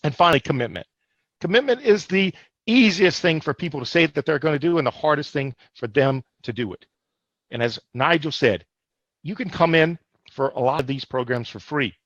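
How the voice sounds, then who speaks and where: A man's voice: fairly high pitch, expressive, moderate pace, a bit bright, dry recording. A man co-hosting a motivational online business webinar, emphatic and forever checking in with "all right?". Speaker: co-host. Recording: dull lo-fi livestream audio.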